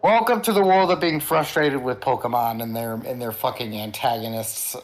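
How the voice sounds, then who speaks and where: A man's voice: mid-range voice, moderate pace, soft background music, low-quality recording. A man on a casual podcast, tossing in sarcastic quips. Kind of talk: casual chat.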